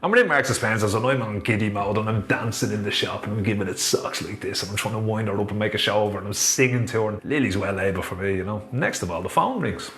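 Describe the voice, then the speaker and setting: A man with a Dublin Irish accent telling a personal story to viewers in a chatty, animated vlog. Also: lowish voice, fast talker, hardly any pauses, slight background noise. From Ireland. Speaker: author and motivational storyteller.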